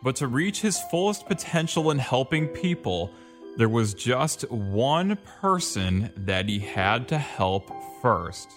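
A man reads scripted narration slowly, with a lively, rising and falling pitch. Clear music plays underneath his voice. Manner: measured storytelling narration.

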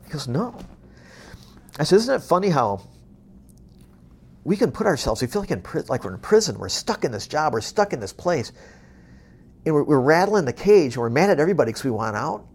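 The owner of a moving company tells motivational stories with blunt tough love, cursing freely and acting out the conversations he recounts. His fairly high voice swings widely in pitch, moving briskly with long pauses, a darkish tone, and a breathy edge.

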